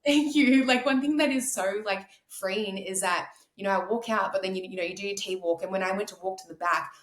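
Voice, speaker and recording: A woman's voice: medium pitch, brisk, echoey room, rough recording. A woman, a podcast guest telling her story in a gushing, emotional way. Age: 30s. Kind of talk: casual interview chat.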